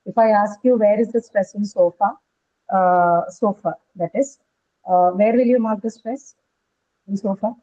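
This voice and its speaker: In a dull lo-fi recording, a pronunciation teacher speaks at normal speed with a steady, dark, medium-pitched voice. She keeps checking in with "right?" and asking her students questions.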